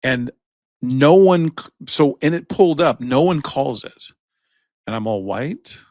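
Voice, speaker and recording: A man co-hosting a podcast, telling a long, profane workplace anecdote in a casual, animated way. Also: mid-range voice, a little slow, no echo. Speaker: podcast co-host. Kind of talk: casual storytelling chat.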